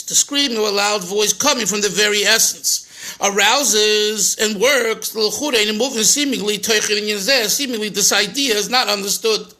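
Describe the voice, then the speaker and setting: A man's voice: high voice, bright, forceful tone. A man, a rabbi, teaching a Torah class, translating phrases line by line with restarts and chuckles.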